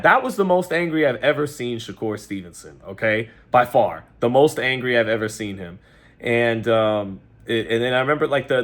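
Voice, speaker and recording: A New man reacts to a boxing match in a loose, conversational way. He rambles, corrects himself mid-sentence and leans on fillers. His voice sits at a medium pitch. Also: fairly bright tone. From New York. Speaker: boxing commentator. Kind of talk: casual fight-reaction commentary.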